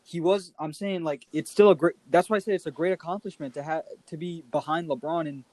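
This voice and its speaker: A man's voice: fairly high pitch, steady tone, a little fast, darkish tone, no echo. Firm, opinionated young man. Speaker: podcast co-host. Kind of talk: casual sports debate.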